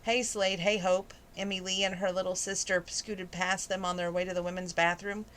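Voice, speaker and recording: A woman's voice: fairly low pitch, little pitch movement, a little fast, fairly bright tone. A woman reading a romance novel aloud as a hobby, with casual asides and laughs between passages. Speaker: amateur audiobook reader.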